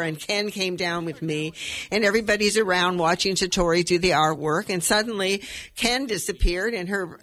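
A woman in her eighties hosting a radio show, reminiscing in a halting way with many restarts and reading her own poetry slowly and with feeling. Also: lowish voice, a bit bright. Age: 80s. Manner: slow, heartfelt poetry recitation.

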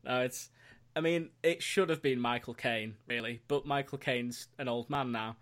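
A man co-hosting a podcast in easygoing casual chat. He laughs often and drops casual swear words. His voice sits at an ordinary mid pitch. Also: moderate pace, fairly bright tone. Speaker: podcast co-host.

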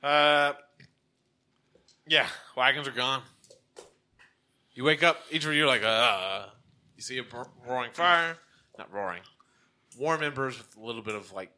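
Bright-voiced man running a tabletop game. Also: mid-range voice. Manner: halting, self-correcting, casual narration. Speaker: game master.

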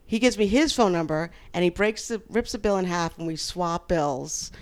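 Here a woman with a lowish voice and a moderate pace is a podcast guest, chatting casually through a long personal story. She's animated and performs the other characters in it.

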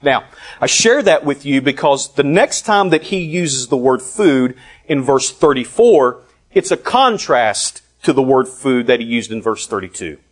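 A man preaching a sermon, deliberate and emphatic, with long pauses. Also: medium pitch, animated.

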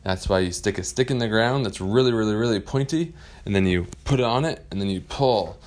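Give me Tinkerbell, a small, bossy fairy teacher, as a man puts her on in a bedtime story. She is cheerful and instructive, with her voice lifted a little above his own low register. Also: a little fast, darkish tone, close to an everyday voice.

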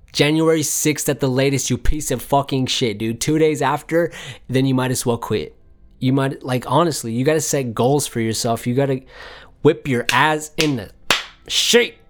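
A man hosting a casual solo podcast, rambling and swearing, and often mocking himself. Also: mid-range voice. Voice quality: raspy put-on voice at times. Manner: rambling, profane, self-mocking. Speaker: podcast host.

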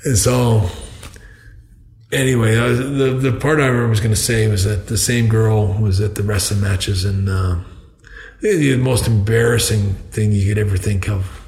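An older Canadian man, a guest on a podcast, rambles through a casual story, restarting often and laughing at his own tales. His voice is fairly low and a little mellow, with fairly even intonation at a normal speed, recorded in an echoey room.

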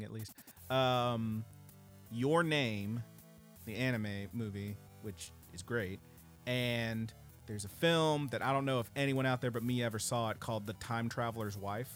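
A man co-hosting a casual podcast who talks in an animated way, swears freely and tells stories at length. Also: mid-range voice, moderate pace, faint music behind. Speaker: podcast co-host. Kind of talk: casual chat.

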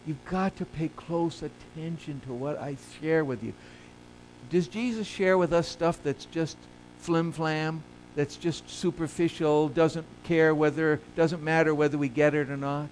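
A man gives a sermon a little slowly, quizzing his congregation and supplying the answers, alternating quiet low remarks with loud emphatic peaks. Some hiss or hum runs through the poor-quality audio.

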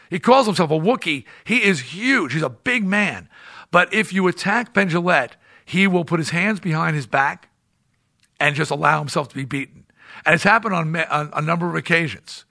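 A male podcast host spins a casual, animated story. His voice is bright and a touch high, and he restarts his sentences often as he rambles on. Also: creaky.

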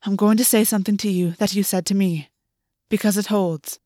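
A woman's voice: medium pitch, fairly even intonation, fairly quick, mellow, dry recording, studio quality, close to an everyday voice. A woman reading aloud and voicing a scheming, petty male fae lord who talks persuasively. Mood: urgent.

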